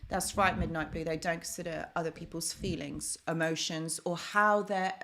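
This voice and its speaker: A woman's voice: on the low side, steady tone, normal speed, fairly bright tone. Young woman chatting live to viewers, friendly, talks loose and casual, keeps thanking people by name. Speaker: live stream host. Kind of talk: casual live stream chat.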